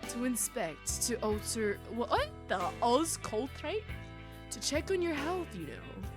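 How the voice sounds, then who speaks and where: A woman voicing a stern, matter-of-fact woman nurse in a game, speaking in an even, lowered tone. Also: music in the background. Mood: businesslike. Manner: even, low-set measured tone.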